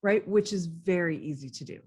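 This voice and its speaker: A woman's voice: lowish voice, normal speed, a little mellow, breathy edge. A woman parenting coach speaking earnestly and with animation in an interview, often acting out how she talks to children. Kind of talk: interview conversation.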